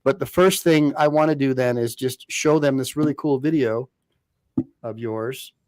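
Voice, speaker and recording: A man's voice: mid-range voice, normal speed, darkish tone. A man in his fifties from the United States, an attorney hosting a casual livestream, talking in a rambling way with many restarts.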